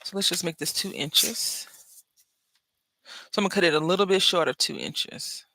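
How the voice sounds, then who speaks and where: A woman's voice: on the low side, moderate pace, vocal fry, sharp tone, dry recording. A woman hosting a crafting tutorial, chatting casually and rambling into asides to her viewers as she works. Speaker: crafting channel host.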